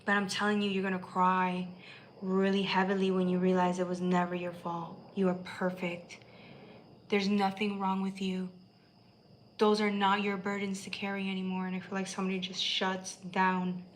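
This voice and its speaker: A woman's voice: medium pitch, completely flat delivery, moderate pace, a little hiss or hum, poor audio. A woman giving a tarot reading on a live stream, talking in an emphatic, emotional way and swearing freely. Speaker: tarot reader.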